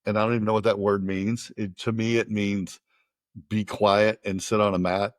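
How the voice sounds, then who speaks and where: Chatty, low-voiced American man. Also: little pitch movement, normal speed, dry recording. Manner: rambling, repeats words when starting sentences. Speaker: podcast host. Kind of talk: casual podcast conversation.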